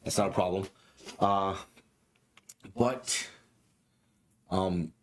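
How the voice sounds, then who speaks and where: A man narrating as dungeon master for a tabletop game, in an unhurried, casual way with profane asides. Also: on the low side.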